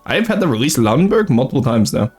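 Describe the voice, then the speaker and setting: A man's voice: mid-range voice, sing-song, quick pace, darkish tone, breathy edge, soft background music. A young man streaming a strategy game, chatting casually and rambling, laughing often and talking to his chat. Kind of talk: casual gameplay commentary.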